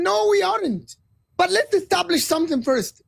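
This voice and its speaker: A man's voice: extremely high pitch, lively intonation, normal speed, vocal fry. A man from Egypt, a guest football pundit, ranting passionately about football on a live stream and repeating his points.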